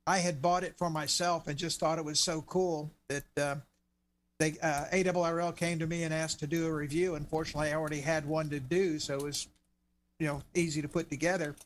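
A man's voice: fairly high pitch, flat delivery, a little fast. A man co-hosting a radio segment, chatting in a friendly, casual way. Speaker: co-host, author.

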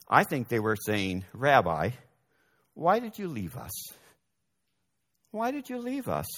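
A man preaching a sermon, moving between loud emphasis and soft, quiet asides. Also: fairly high pitch. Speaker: pastor.

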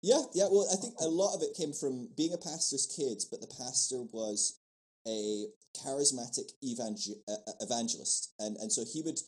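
A man's voice: medium pitch, normal speed, a little mellow, low-quality recording. A man from Scotland with a blended Scottish, English and American accent, telling stories as a podcast guest, chatty and laughing often, with many fillers and restarts. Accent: mixed Scottish, English and American. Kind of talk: casual conversational storytelling.

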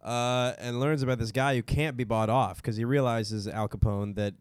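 A man's voice: medium pitch, fairly even intonation, moderate pace, clean tone, no room sound. Jokey man riffing on history. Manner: jokey, riffs into goofy character voices. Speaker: podcast co-host. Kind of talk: casual comedic history chat.

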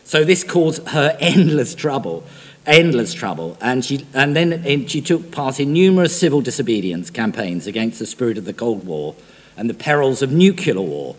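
Lively preacher in echoing hall. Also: male voice, medium pitch, normal speed. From Britain. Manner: animated, conversational preaching with direct questions to the congregation. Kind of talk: sermon. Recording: reverberant hall.

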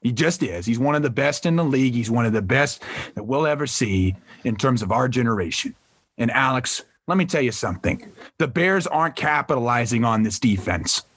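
Podcast host, male, husky and dry-sounding, emphatic and repetitive in his arguments. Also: medium pitch, expressive, fairly quick, a bit bright, no room sound. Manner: emphatic, ranting, repeats points. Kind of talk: casual sports debate.

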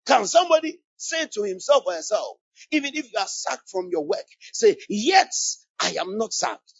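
A man's voice: very high-pitched, big pitch swings, normal speed, vocal fry, slightly rough, no echo. A man preaching a sermon with fervent call-and-response, repeating his key phrases. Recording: dull lo-fi sound.

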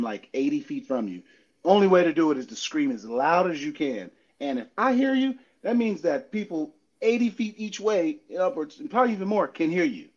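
Guy chatting casually, acts out hecklers, bit muffled sound. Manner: animated storytelling, acts out hecklers with big pitch jumps. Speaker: podcast host, former outfielder. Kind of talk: casual chat.

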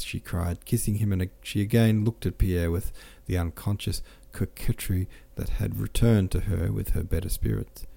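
Low gravelly male audiobook narrator. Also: moderate pace, hardly any pauses. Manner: steady, with small self-corrections. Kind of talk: audiobook reading.

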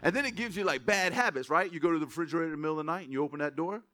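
A male pastor preaching to his congregation in a lively way, breaking up scripture readings with playful jokes. His voice sits high for a man and has a bright, ringing edge. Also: racing, soft background music. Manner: lively, joking asides to the congregation. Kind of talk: sermon.

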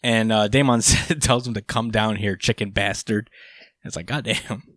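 A man's voice: on the low side, steady tone, a little fast, fairly bright tone, dry recording. A man hosting a casual recap chat, laid-back, swearing freely, laughing often, with lots of fillers.

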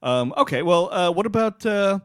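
A man co-hosting a casual podcast chat, animated and sweary, laughing often. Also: high-pitched, moderate pace, smooth, no echo, studio quality. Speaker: podcast co-host.

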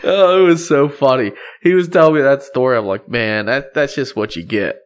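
A man's voice: mid-range voice, normal speed, smooth. A man, a podcast host chatting casually and laughing often. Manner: laughs often, friendly commentary. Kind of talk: casual chat.

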